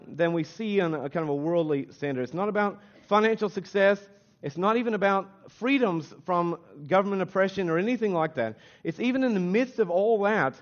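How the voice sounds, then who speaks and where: A man's voice: high voice, lo-fi sound. An American man preaching a sermon in a casual, conversational way, often restarting phrases and using fillers. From United States. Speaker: pastor.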